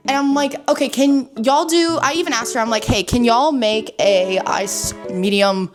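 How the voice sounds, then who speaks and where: A woman's voice: a little high, normal speed, over music. A young woman vlogging in a casual, chatty way. She tells stories with energy and says "like" a lot. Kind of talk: casual chat.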